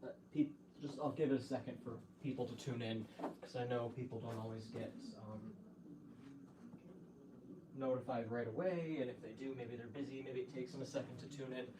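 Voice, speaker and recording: A man's voice: mid-range voice, steady tone, fairly quick, background noise. Rambling man chatting on a livestream. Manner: rambling, many fillers and restarts. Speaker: YouTube livestream host. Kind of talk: casual livestream chat.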